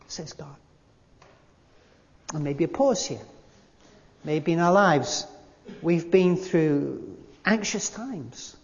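A man preaching a sermon, emphatic, repeating key phrases and slowing down to read quotations. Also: fairly high pitch, a little mellow. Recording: dull lo-fi sound with long hall reverb.

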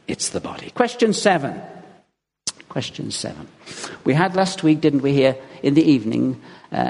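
A man preaching a sermon in a church, telling stories in a lively way and chuckling as he goes. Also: mid-range voice, creaky. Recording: long reverb of a large hall.

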